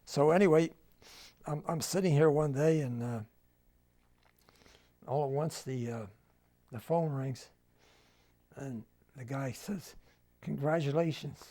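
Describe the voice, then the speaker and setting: A man's voice: medium pitch, slow pace, pauses often, dark tone. An older man with a New Jersey accent, telling family stories in an oral history interview at home and acting out the dialogue. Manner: storytelling, acts out quoted dialogue.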